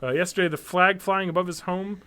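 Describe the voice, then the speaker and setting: Sardonic high-voiced man hosting a podcast. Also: steady tone, brisk, sharp tone, clean tone. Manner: sardonic, reads news stories aloud with jokes. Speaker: podcast co-host. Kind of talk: casual podcast chat.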